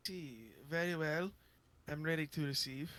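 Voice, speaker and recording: A man voicing a formal guard lieutenant who answers a radio call in a crisp, officious manner. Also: on the high side, measured pace, fairly bright tone. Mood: dry.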